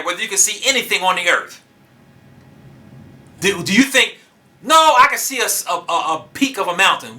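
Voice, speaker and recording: A man's voice: high voice, pushed and bright. A man preaching a sermon, fervent and emphatic, talking casually and addressing his listeners directly. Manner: casual colloquial speech, addresses audience directly.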